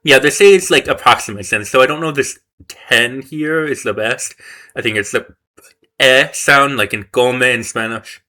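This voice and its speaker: A man's voice: medium pitch, moderate pace, bright, forceful tone. A man studying a language course on camera, reading lessons aloud and reacting as he goes. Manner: thinks aloud, reads course text and reacts. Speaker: language learner vlogger. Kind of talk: casual self-study commentary.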